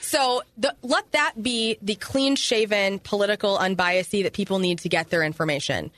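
Brief: animated, chatty woman from St. Louis, guesting on a podcast. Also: mid-range voice, dry recording. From St. Louis, USA. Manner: animated, chatty, quick asides. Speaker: radio personality, podcast guest. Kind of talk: casual podcast chat.

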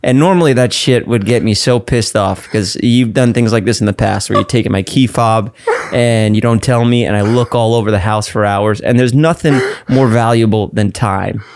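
A man's voice: on the low side, normal speed, darkish tone. A man in his thirties co-hosting a podcast, chatting casually, swearing and sounding exasperated. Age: 30s. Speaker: podcast co-host.

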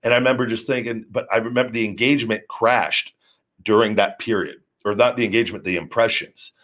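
A man's voice: fairly low pitch, steady tone, fairly quick, fairly bright tone. A man hosting a live stream, talking casually in a rambling, blunt way and swearing freely. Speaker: show host.

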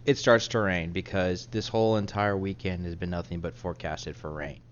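A man's voice: sits low, fairly even intonation, moderate pace, muffled recording, slight background noise. Laughing, crude man telling a story. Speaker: podcast co-host. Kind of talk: casual chat.

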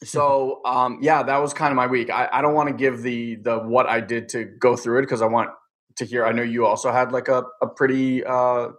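A man's voice: medium pitch, little pitch movement, normal speed, fairly bright tone. A man in casual chat, telling a personal story candidly, rambling with many fillers.

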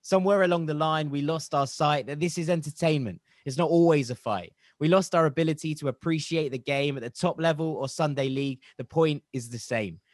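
A man's voice: on the high side, a little fast, hardly any pauses, no echo, clean studio sound. A man hosting a casual football podcast, reciting a rhyming poem and then bantering and laughing with his co-hosts. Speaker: podcast host.

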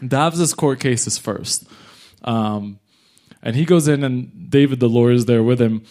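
Young male comic, animated storyteller, acts out the voices in quick bursts, live crowd. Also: medium pitch. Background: audience laughter.

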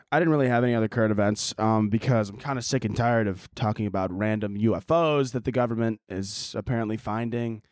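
A man's voice: lowish voice, darkish tone, dry recording, clean studio sound. A man hosting a comedy podcast, talking in a crude, sarcastic monologue and laughing at his own jokes. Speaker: podcast host.

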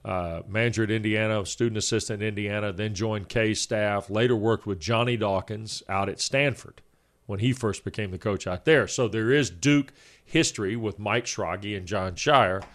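Measured man in his fifties, lower voice. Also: fairly bright tone. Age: 50s. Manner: measured, lays out points in order. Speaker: sports radio co-host. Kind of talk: sports talk show.

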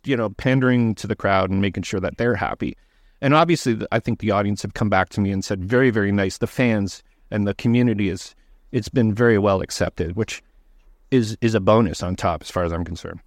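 A man, a documentary director, answering interview questions in a casual, halting way, with frequent restarts and fillers. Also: on the low side, dry recording, clean studio sound.

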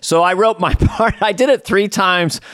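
A man's voice: high-pitched, normal speed, fairly bright tone, clear, resonant tone, no echo, clean studio sound. A male co-host reminiscing in casual chat and laughing easily. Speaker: podcast co-host.

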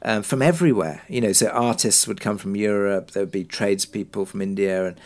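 A man, a drama producer, answering interview questions in a relaxed way, thinking aloud with fillers. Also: fairly low pitch, a little fast.

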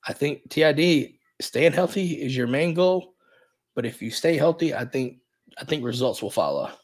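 A man's voice: medium pitch, lively intonation, normal speed. A man co-hosting a sports podcast, rambling casually and hedging often as he breaks down the team. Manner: rambling, hedges a lot with repeated fillers. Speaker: podcast co-host.

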